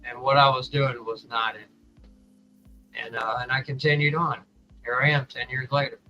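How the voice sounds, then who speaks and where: A man's voice: medium pitch, little pitch movement, moderate pace, highs cut off, soft background music. A middle-aged man, a podcast co-host, telling a personal story in a candid, rambling way with lots of fillers. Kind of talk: casual storytelling.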